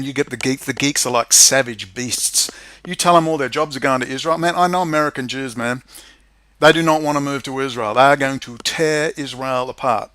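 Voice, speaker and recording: A man's voice: medium pitch, bright, forceful tone, no room sound. A man hosting his own online show, delivering an angry, profane, rambling monologue. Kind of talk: ranting monologue.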